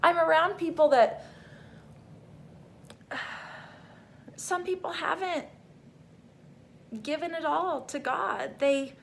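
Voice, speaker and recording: A woman's voice: very high voice, takes it slowly, vocal fry, pauses often, a little hiss or hum. A middle-aged woman vlogging a personal faith testimony, talking in a rambling, heartfelt way full of fillers.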